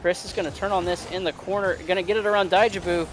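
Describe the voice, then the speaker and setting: A man casting esports play-by-play with quick running calls, later asking players questions. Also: high voice, fairly even intonation, background noise. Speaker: play-by-play caster. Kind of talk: esports commentary.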